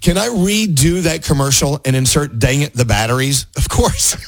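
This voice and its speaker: Man, radio host, animated banter, husky, dry studio sound. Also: fairly high pitch, moderate pace, no echo. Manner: animated, laughing often.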